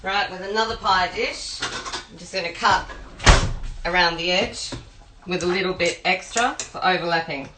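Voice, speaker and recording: An Australian woman who works as a home cook and private chef rambles through long stories as she makes a pie, in a chatty cooking demo full of anecdotes. Her voice sits on the low side at a moderate pace, and the recording is reverberant with background noise.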